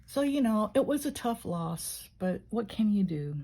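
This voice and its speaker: A woman's voice: mid-range voice, very animated, a little slow, mellow. An older woman from Illinois chatting casually and emotionally as she flips through her journal. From Illinois, USA. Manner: rambling, emotional, conversational. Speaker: journaling vlogger.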